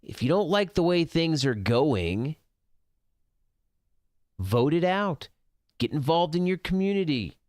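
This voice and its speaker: Male streamer, middle-aged, profane rambling talk, smooth voice, dry close mic. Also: a little high, big pitch swings, takes it slowly, long pauses, a little mellow, dry recording. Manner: profane, rambling, gets heated. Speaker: gaming streamer. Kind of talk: casual rant over gameplay.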